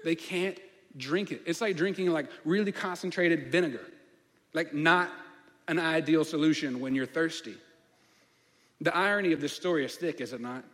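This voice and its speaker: A man's voice: fairly high pitch, moderate pace, a bit bright. A man preaching a sermon as pastor, asking the listeners questions and acting out voices of people and of a lament. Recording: long reverb of a hall.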